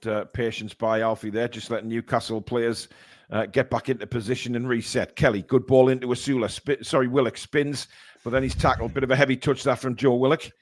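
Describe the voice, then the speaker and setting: A man hosting a live fan broadcast of a football match. He talks through the action in an easy, mid-pitched voice. When a chance opens up he surges into excited shouts. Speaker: host and match commentator.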